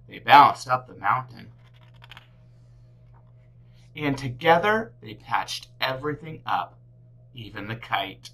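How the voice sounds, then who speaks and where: A woman teacher reading a picture book aloud to children, with big expressive swings in her delivery. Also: a bass voice, slow, creaky, pauses often, rough recording. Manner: animated, big swings for characters.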